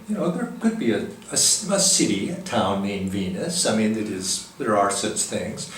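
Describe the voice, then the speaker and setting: A man's voice: lowish voice, animated, far from the mic. Man telling a story in a very echoey hall. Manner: gentle, halting storyteller with many pauses and fillers. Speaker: spiritual teacher. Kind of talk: storytelling talk.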